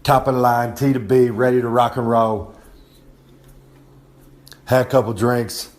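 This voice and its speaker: Brash wrestler boasting into a phone. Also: male voice, mid-range voice, steady tone, measured pace. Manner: brash, boastful, talks of himself in the third person. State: sore and hungover. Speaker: wrestler with a regular podcast segment. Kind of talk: wrestling promo monologue. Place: at home. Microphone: phone held close to the face.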